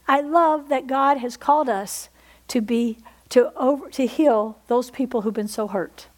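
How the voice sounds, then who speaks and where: Woman pastor, high-pitched, fervent sermon delivery, calls for amens. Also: unhurried. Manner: fervent, repeatedly asks the congregation "Amen?".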